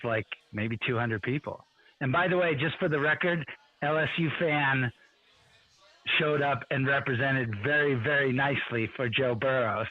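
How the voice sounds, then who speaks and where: A man who writes on college football, a guest telling stories in an animated way on a radio show. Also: medium pitch, dry recording, highs cut off. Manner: animated storyteller, acts out quotes. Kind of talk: storytelling in a radio interview.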